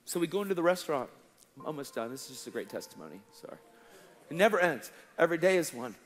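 A man preaching a testimony in an animated, casual way, full of slang and acted-out dialogue. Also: on the high side, fast. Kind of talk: sermon testimony storytelling. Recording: long hall reverb, faint music.

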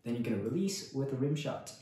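A man giving a casual percussion lesson in a relaxed way, counting rhythms aloud and often saying "cool". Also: mid-range voice, fast. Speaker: percussion instructor. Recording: very echoey room, faint noise.

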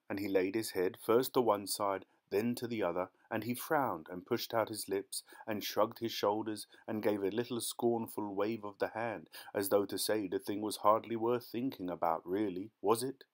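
A man narrating a story audiobook in a measured, even reading. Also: lowish voice.

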